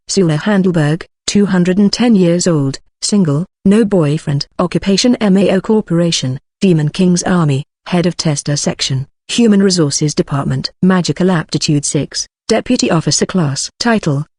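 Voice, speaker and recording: A narrator reads a translated fantasy novel in a steady, uninflected voice. The pitch sits in the middle of the range. The recording is close and dry, with no room sound. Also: no echo. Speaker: audiobook narrator.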